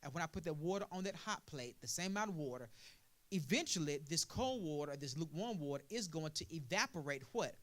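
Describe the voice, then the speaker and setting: A male preacher giving a sermon in a call-and-response style, asking "what?" and answering himself, building from quiet explaining to loud preaching. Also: a little high, lively intonation, a little fast.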